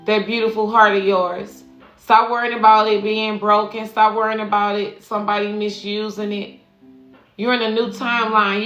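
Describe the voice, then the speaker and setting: A woman's voice: mid-range voice, fairly bright tone. A woman spiritual coach giving a casual, profane livestream tarot reading, preaching and calling her listeners baby. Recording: echoey room with faint music.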